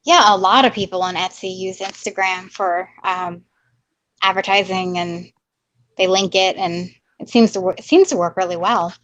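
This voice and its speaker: A woman's voice: mid-range voice, moderate pace, a bit bright. A woman co-hosting a casual live stream, friendly and agreeable, reading viewers' chat comments aloud. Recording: slightly dull lo-fi stream audio.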